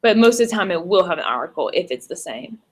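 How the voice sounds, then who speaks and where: A woman's voice: lowish voice, very animated, fast, breathy edge. A woman student in a tutoring session, thinking aloud and asking hesitant questions.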